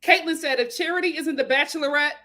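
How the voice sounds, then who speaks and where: A woman hosting a casual live stream, greeting viewers by name and reading their comments aloud with sassy, lively chatter. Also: sits high, fast talker. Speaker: host of a live show. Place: home in Los Angeles.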